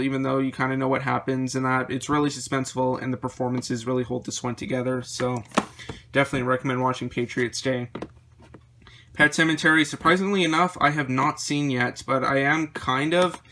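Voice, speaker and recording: A man vlogging about his movie collection, rambling through titles with quick opinions, his voice a little worn. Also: mid-range voice, pushed and bright, slight background noise. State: slightly losing his voice. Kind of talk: casual chat showing a collection.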